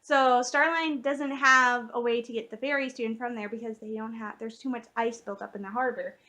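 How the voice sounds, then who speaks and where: A woman's voice: a little high, fairly even intonation, fairly quick, bright, forceful tone. A woman, vlogging in a rambling, chatty way, laughing often and correcting herself mid-sentence. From Michigan, USA. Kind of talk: casual vlog chat.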